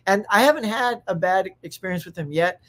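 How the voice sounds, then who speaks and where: A man chats casually on his pop culture live stream. He rambles excitably, often restarting his sentences and breaking into laughter. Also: sits high, fairly quick. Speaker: pop culture show host.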